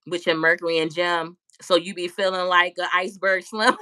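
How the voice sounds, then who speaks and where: A woman tarot reader chatting casually on a live stream, loud and profane, often laughing and talking back to her chat. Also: fairly low pitch, fairly even intonation, normal speed, clear, resonant tone.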